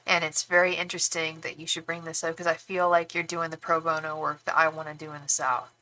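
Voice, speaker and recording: A woman's voice: low voice, little pitch movement, fast talker, bright, forceful tone. A young woman reading tarot live, talking in a rambling, frank way with casual swearing and many restarts. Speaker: tarot reader and psychic medium.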